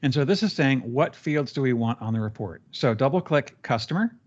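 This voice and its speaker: A man guiding a trainee step by step through a software training session, relaxed and chatty with fillers. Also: medium pitch, brisk, lo-fi sound. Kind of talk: live screen-share training session.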